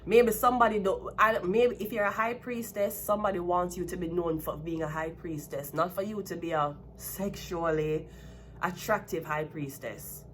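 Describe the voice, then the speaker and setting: A woman's voice: on the low side, steady tone, moderate pace, a little hiss or hum. A woman from Jamaica with a Jamaican accent giving a tarot reading, breaking into a blunt, profane rant. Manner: heated ranting, blunt and profane. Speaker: tarot reader. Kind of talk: casual tarot reading vlog.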